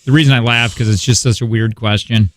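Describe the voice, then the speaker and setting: A man's voice: medium pitch, fairly even intonation, fairly quick. A man hosting a morning radio show, joking and laughing often through rambling casual banter in a studio. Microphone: studio microphone.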